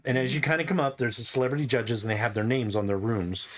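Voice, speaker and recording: A young adult man running a tabletop game as game master, narrating in a relaxed, rambling way with frequent laughs. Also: mid-range voice, fast talker.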